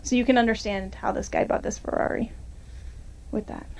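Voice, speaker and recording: A woman's voice: a little high, normal speed, creaky, a little mellow, breathy edge. A young woman filmmaker answering audience questions after a screening, in a chatty way full of fillers and restarts.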